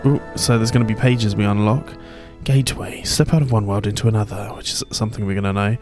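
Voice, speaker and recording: A man's voice: on the low side, fairly even intonation, fast talker. A man narrating his own game playthrough in a chatty, rambling way, often correcting himself. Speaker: let's play host. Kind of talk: gaming commentary. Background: game music.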